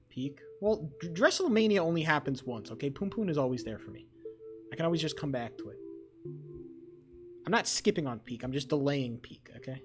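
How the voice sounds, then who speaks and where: A young man chatting on a live stream, rambling and excitable with lots of swearing. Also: on the high side. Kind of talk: casual live-stream chat.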